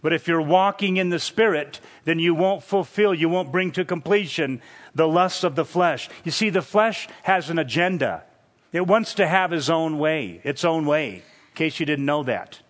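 A man preaching an expository sermon, teaching verse by verse in a measured, emphatic way. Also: a little high.

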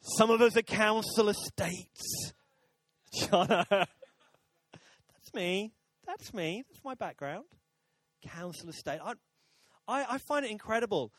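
Man, pastor, chatty sermon, jokes with congregation, high voice, dry close sound. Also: expressive, measured pace, no echo. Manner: chatty, jokey, talks with the congregation. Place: church auditorium.

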